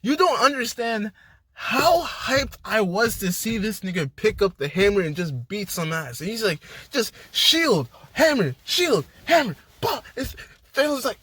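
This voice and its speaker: A young man giving a casual spoiler movie review, excitable, slangy and full of swearing. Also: high voice, measured pace, slightly rough, no echo. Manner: hyped, profane, slangy storytelling.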